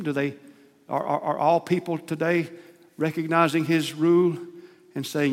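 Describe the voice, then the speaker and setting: A man preaching a sermon as pastor, emphatic, rising to loud stressed phrases and dropping to soft asides. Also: on the high side, fairly even intonation, moderate pace. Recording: long hall reverb.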